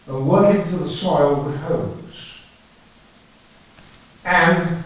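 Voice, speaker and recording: A man's voice: a little high, takes it slowly, pauses often, recorded from a distance. Older man lecturing in an echoey hall. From England. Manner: dry wry humour, storytelling. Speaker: archaeology lecturer. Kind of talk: conference lecture with slides. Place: conference hall. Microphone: lectern or headset mic, battery trouble.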